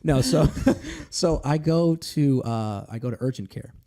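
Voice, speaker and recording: A man hosting a podcast, telling a personal story in casual, animated and profane chat. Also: a little high, measured pace. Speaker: podcast host.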